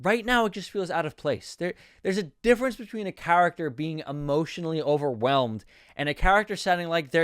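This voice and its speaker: A man's voice: fairly high pitch, smooth, no room sound, clean studio sound. A young man giving a candid screenplay critique as a screenwriting coach, often stumbling into restarts.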